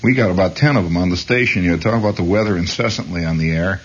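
A man's voice: deep voice, racing, slightly rough, muffled recording. A man rambling hesitantly as host of a late-night radio monologue. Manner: meandering, hesitant, chuckling.

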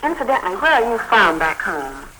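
A woman interviewing a guest on a scripted 1940s radio broadcast, asking lively, bantering questions. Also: mid-range voice, brisk, a little hiss or hum, rough recording.

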